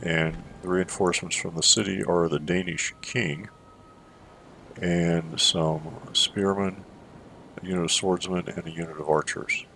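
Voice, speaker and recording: Casting: deep, gravelly man, calm and measured, talking through a strategy game. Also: slight background noise. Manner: measured, thinks aloud with fillers. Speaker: gameplay commentator. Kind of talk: strategy gameplay commentary.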